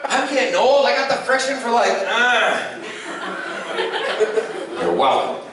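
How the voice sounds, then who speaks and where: A man does a stand-up set at a convention panel, swinging his pitch widely as he tells stories. He keeps stopping on fillers between lines. The recording is echoey and far from the mic, with steady noise behind him. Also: a little slow. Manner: loose storytelling with frequent fillers. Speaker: stand-up comedian. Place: convention panel room with audience.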